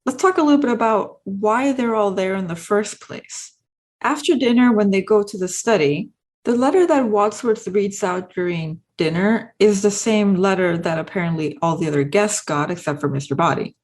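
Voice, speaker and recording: A woman's voice: medium pitch, normal speed, a little mellow. A woman hosting a video essay, talking through her analysis in a casual, explanatory way.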